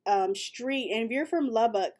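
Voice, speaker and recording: A woman's voice: a little high, moderate pace, a little mellow. Chatty Texan woman on a late-night livestream. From West Texas. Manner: chatty, reads viewer comments aloud, storytelling. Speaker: livestream host.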